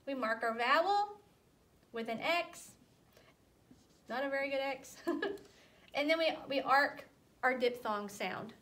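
A young adult woman gives a phonics lesson to small children, and her high voice draws each letter sound out slowly and clearly. Her tone is bright and gentle, and she encourages the children as she goes. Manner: gentle, encouraging teacher talk. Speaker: teacher.

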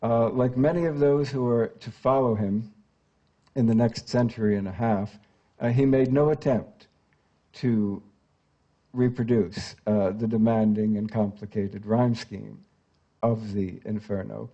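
An older man lecturing in a scholarly, unhurried way and often pausing on "uh" between phrases. His voice has a dark, mellow tone. The sound is slightly dull and lo-fi. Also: lowish voice, fairly even intonation. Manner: scholarly, with frequent "uh" fillers, reads quoted verse aloud. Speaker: translator giving a talk.

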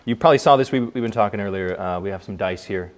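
A man, a magician, telling a story while doing a trick, in a halting way with frequent restarts. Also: lowish voice, slight background noise.

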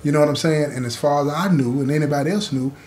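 A man's voice: on the high side, fairly even intonation, fast, darkish tone, a little hiss or hum. A man hosting his own channel, telling a story in a conversational way with frequent asides to the listener. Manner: conversational, often adding "you know what I'm saying". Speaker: host.

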